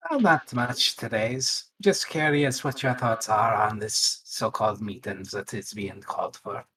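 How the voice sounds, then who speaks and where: A man's voice: fairly low pitch, unhurried, bright, forceful tone, slightly rough, heavily acted, poor audio. A man voicing a folksy druid adventurer who talks in broken grammar, careful and curious. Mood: probing.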